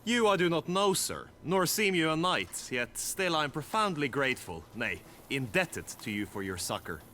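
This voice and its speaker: An actor playing an earnest young knight who speaks in formal, old-fashioned courtly phrases in a video game. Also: male voice, fairly high pitch, big pitch swings, moderate pace, sharp tone. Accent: mixed British Isles-like accent. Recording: game audio with faint noise.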